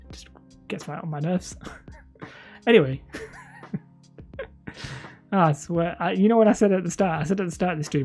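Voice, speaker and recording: Host of a live stream: a low, husky-voiced woman with a slight lisp, rambling and correcting herself, with faint music behind. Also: a little fast, pauses often, warm tone. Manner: rambling, self-correcting, laughs often. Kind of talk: casual livestream chat.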